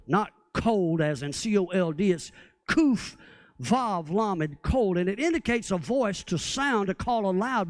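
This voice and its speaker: A man's voice: high-pitched, no echo. A man preaching a sermon as pastor, often asking the congregation rhetorical questions.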